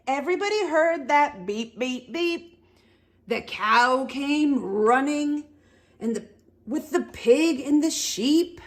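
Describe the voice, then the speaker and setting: Animated woman reading a picture book to children. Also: sits high, slow. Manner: animated, questions children, makes animal sounds. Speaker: storytime reader.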